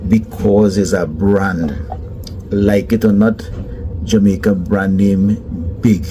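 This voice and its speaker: A man tells travel stories in a loose, conversational way. His voice is low and mellow. Faint noise sits behind him. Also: steady tone, slow pace, rough recording. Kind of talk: casual storytelling.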